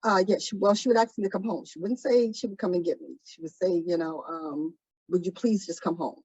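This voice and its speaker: A woman telling her own story in an interview, soft-spoken and hesitant, pausing often. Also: lowish voice, breathy edge, no echo, lo-fi sound. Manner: soft-spoken, hesitant, many pauses and ums. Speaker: trafficking survivor guest. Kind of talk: interview testimony.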